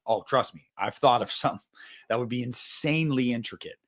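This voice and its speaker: A man's voice: medium pitch, moderate pace, fairly bright tone. Mock-indignant man ranting casually. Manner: joking, mock-indignant, competitive rant. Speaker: podcast host. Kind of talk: casual chat.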